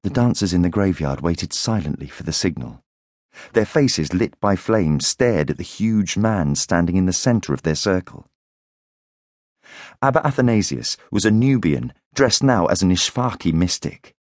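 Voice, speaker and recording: Deep-voiced male audiobook narrator. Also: animated, moderate pace, darkish tone, no echo, clean studio sound. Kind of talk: scripted narration.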